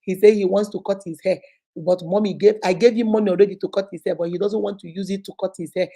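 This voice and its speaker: A middle-aged woman with a Nigerian accent gives motivational life advice to camera in an animated, preachy way, acting out the people she quotes. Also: medium pitch, fast, breathy edge, poor audio. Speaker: vlogger giving life advice.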